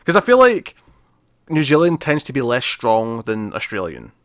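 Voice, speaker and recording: Male co-host, casual film talk, giggly and self-correcting, medium pitch, dry booth sound. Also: wildly swooping pitch, moderate pace, a bit bright, no echo. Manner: chatty, laughs often, self-correcting. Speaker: podcast co-host. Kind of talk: casual movie discussion.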